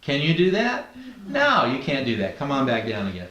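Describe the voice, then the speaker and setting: A man's voice: medium pitch, wildly swooping pitch, normal speed, a bit bright, reverberant. A man leading a training class, talking conversationally and asking the group questions. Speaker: NLP trainer. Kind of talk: classroom teaching.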